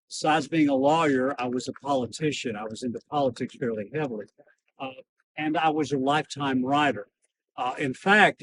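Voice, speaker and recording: A man giving a first-person historical monologue as a costumed reenactor, talking in a halting, folksy way full of pauses. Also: fairly high pitch, slight background noise. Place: outdoors in a cemetery. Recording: outdoor recording from a distance.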